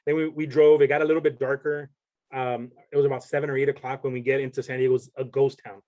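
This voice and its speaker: A man's voice: mid-range voice, level tone, fast talker, lo-fi sound. A young man, a podcast guest, telling a story in casual chat and rambling with many restarts.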